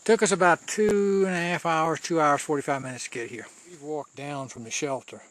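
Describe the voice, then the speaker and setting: A hiker checks out a mountain trail, walking and talking to his handheld camera in a relaxed, chatty way, restarting phrases now and then. He speaks briskly in a slightly high, steady, a bit bright voice.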